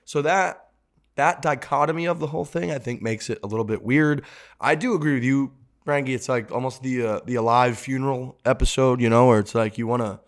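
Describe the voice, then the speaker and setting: A man's voice: mid-range voice, brisk. Casual man co-hosting a podcast. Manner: loose, profane storytelling. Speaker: podcast co-host.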